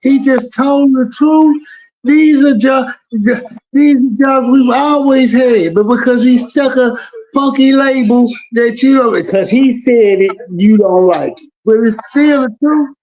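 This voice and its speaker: A man with a high voice talks bluntly and profanely in casual chat. His recording sounds dull and lo-fi. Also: measured pace, darkish tone.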